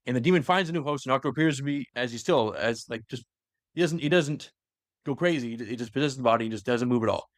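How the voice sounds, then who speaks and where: A man on a podcast rattling off a long story recap at a quick clip, looping back with "like" and self-corrections as he goes. His voice is close and dry, with almost no room sound around it. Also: mid-range voice, dry recording. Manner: rambling storyteller, heavy use of "like", many restarts. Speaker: podcast host. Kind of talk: casual lore recap chat.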